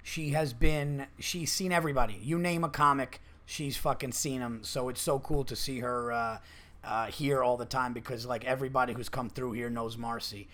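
A man's voice: mid-range voice, steady tone, normal speed, a bit bright. A man hosting a podcast, telling a long story in casual chat, swearing a lot and filling with "like". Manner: swears freely, lots of "like" fillers. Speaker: podcast host. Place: comedy club.

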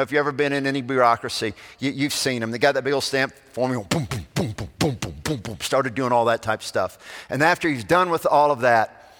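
A man preaching a sermon, telling a story that swells loud and then drops to a hush. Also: mid-range voice. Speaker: pastor. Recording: long reverb of a large hall.

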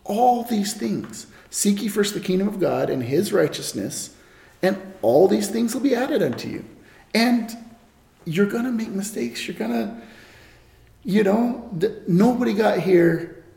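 Quoting scripture and shooting off rhetorical questions, another male guest speaks earnestly in a casual, preachy church interview. His voice is high-pitched and mellow with lively intonation and vocal fry, and he talks a little slowly. Echo and faint noise fill the recording.

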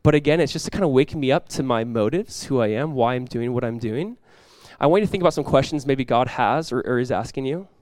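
Pastor, male, fast and animated, conversational sermon, dry close sound. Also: medium pitch, no echo. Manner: animated, conversational preaching with quick acted-out asides.

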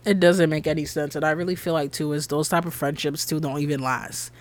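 A woman's voice: low-pitched, fairly even intonation, fairly quick. A woman co-hosting a casual chat, telling stories bluntly with slang and profanity.

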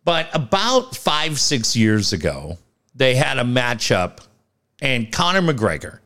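A man in casual sports banter with a lively, swooping voice that jumps high when he gets worked up. He laughs at his own jokes and talks with easy, animated energy. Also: takes it slowly. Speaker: podcast co-host.

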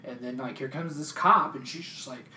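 A man's voice: medium pitch, normal speed, bright, forceful tone, far from the mic, a little hiss or hum. A man from Arkansas with a Southern accent, telling a rambling story in casual chat, swearing freely and acting out quotes. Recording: roomy, off-mic with faint ambience.

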